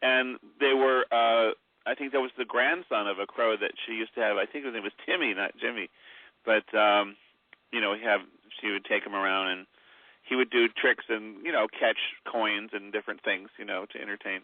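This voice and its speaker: Low-voiced man on a tinny phone line. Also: steady tone, normal speed, no echo. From Mi'kmaq heritage. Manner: rambling storyteller, many fillers. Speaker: author guest. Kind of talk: phone-in radio interview.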